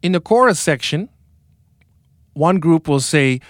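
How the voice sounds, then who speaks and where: A man's voice: a little high, expressive, measured pace, no echo, studio quality. A man from South Africa teaching a group a song, coaching them through call-and-response lines and chanting phrases to the beat. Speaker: music teacher.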